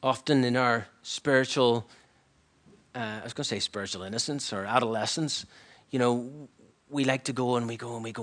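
A man preaching a sermon in an earnest, reflective way, often dropping to a hushed near-whisper. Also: mid-range voice, brisk.

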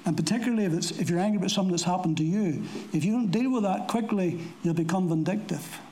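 A preacher giving a sermon to a congregation, talking plainly with rhetorical questions and dry asides, slowing down for scripture quotes. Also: mid-range voice, dark tone, slight background noise, rough recording. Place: church service before a congregation.

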